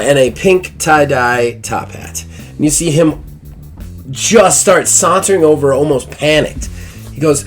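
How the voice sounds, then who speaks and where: A man running a tabletop game as game master, rambling casually and stopping often with fillers. His voice jumps around a lot, quite animated. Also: fairly high pitch.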